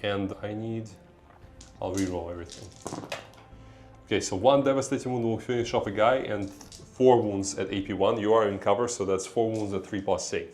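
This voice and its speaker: Russian-accented guy, lowish voice, chatty tabletop play-by-play, faint music under it. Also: moderate pace, darkish tone. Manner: chatty, laughs often, corrects himself mid-count. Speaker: tabletop game player. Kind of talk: casual battle report play-by-play.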